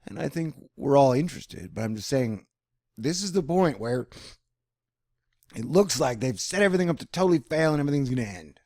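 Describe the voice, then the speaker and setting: A man talking in a rambling personal monologue, animated and drifting between topics, now and then slipping into mock voices. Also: medium pitch, a little fast, no room sound, studio quality. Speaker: vlogger.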